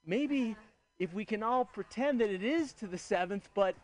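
A man's voice: high voice, lively intonation, normal speed, darkish tone. A man addressing a gathering, talking in an earnest, rambling way with many fillers and restarts. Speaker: gathering organizer. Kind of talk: addressing a crowd.

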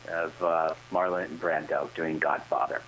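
A man's voice: a bass voice, fairly even intonation, unhurried, a bit bright, a little hiss or hum, rough recording. A man co-hosting a comedy podcast, bantering playfully about a film he watches. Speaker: podcast co-host. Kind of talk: comedic riffing over a movie.

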